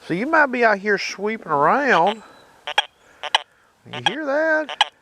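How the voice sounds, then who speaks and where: A gravelly, folksy man demonstrates metal detecting outdoors for his channel, his high voice swinging widely in pitch at a slow pace. He keeps checking in with listeners, while a noisy background and loud detector tones sit behind his voice.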